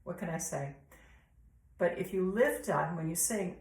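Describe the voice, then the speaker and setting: A woman with an American accent leading a vocal warm-up lesson, explaining patiently and breaking into sung vowel demonstrations. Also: lowish voice, expressive, unhurried, pauses often, echoey room, poor audio. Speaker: vocal coach.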